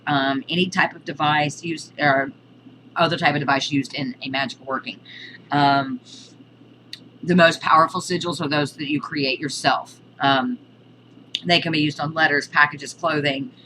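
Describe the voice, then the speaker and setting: Low, bright-toned woman teaching. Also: slight background noise, rough recording. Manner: halting, list-like explanations. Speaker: witchcraft teacher. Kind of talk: casual video lesson.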